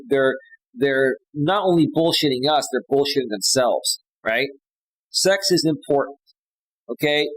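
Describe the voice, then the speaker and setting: A man's voice: mid-range voice, dry recording, poor audio. A man hosting a livestream as a life coach, reading out posts and giving blunt, opinionated advice with many fillers and tag questions.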